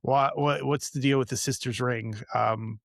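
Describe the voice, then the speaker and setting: Guy hosting a podcast, wondering out loud, restarts a lot, dry close sound. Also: medium pitch, fairly even intonation, unhurried, gravelly, no echo. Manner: musing, curious questions with restarts. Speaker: podcast host. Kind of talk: casual chat.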